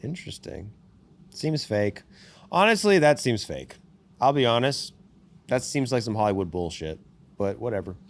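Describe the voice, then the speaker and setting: A man's voice: mid-range voice, normal speed, pauses often. A man hosting a casual sports podcast, reading out stats and trading sarcastic jabs, swearing freely. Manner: reads out stats with animated delivery. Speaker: podcast host.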